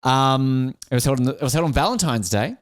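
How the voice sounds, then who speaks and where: A man's voice: mid-range voice, animated, a little fast, no echo, clean studio sound. A man hosting a casual sports podcast, rambling and jokey, laughing often. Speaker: podcast host.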